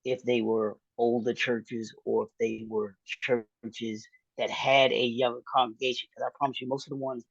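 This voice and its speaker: A man's voice: mid-range voice, flat delivery, moderate pace, creaky, no echo, dull audio. A man hosting an interview, earnest and repeating himself for emphasis. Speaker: show host.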